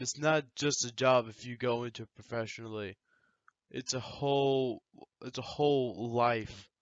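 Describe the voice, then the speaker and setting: A man's voice: mid-range voice, normal speed, no room sound, lo-fi sound. A teenage young man casually telling enthusiastic, rambling stories into a microphone as a channel host. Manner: animated, enthusiastic, rambling storyteller. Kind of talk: casual storytelling chat. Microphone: desk microphone.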